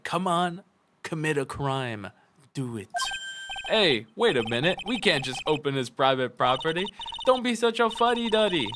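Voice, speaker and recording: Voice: mid-range voice, background noise. A let's play host voicing several characters in a playful read-along of a game, switching voices and joking between lines.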